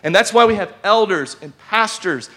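A youth pastor giving a lively sermon, calling out to his congregation and sometimes shouting. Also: sits high, normal speed. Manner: lively preaching with call-and-response, sometimes shouting.

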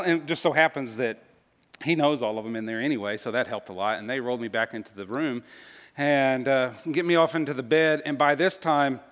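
A man telling a personal story to an audience in a casual, halting way, with many fillers and restarts. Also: mid-range voice, a bit bright. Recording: long hall reverb.

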